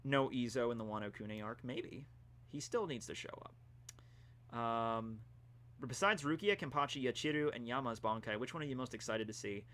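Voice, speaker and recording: A man's voice: mid-range voice, moderate pace, a bit bright. A young man casually answering chat questions on a live stream, rambling and laid-back.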